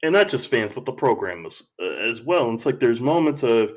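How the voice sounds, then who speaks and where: A man talking as a podcast guest, telling stories in a slow, reflective way and acting out quotes. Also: mid-range voice, very animated. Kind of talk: casual conversation.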